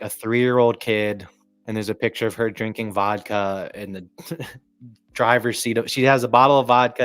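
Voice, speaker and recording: Low-voiced man rambling on a live stream. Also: a bit bright, dry recording. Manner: casual, profane, rambling, often clears throat. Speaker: livestream sports commentator.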